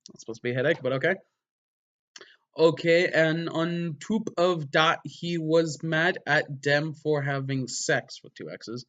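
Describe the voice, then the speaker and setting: A man giving a mock-dramatic reading of a story, breaking off for wry, deadpan sarcastic asides. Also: on the high side, measured pace, muffled recording. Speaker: comedic reader.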